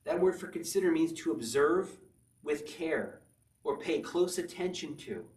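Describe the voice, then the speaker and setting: Male pastor, slightly high voice, earnest sermon delivery, echoey room from afar. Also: lively intonation, a little slow, distant mic. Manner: earnest preaching, rising to near-shouts with spontaneous laughs.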